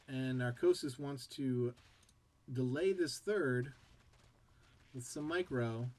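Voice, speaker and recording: Dude casting a replay, rambly and chatty, goes off on tangents. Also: male voice, medium pitch, takes it slowly, long pauses, darkish tone. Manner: rambling, chatty, jumps between tangents and play-by-play. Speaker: game caster and show host. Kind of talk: casual game commentary.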